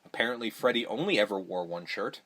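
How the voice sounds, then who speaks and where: Speaking fast in a fairly low voice, a podcast host recaps a horror movie in loose, profane banter. He's animated and acts out the characters' lines mid-story.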